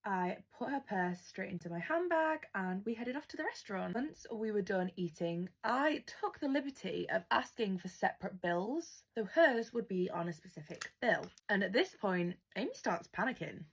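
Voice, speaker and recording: A woman's voice: mid-range voice, very animated, moderate pace, few pauses, slightly rough. A woman reading a storytime tale aloud, adding wry, sassy asides.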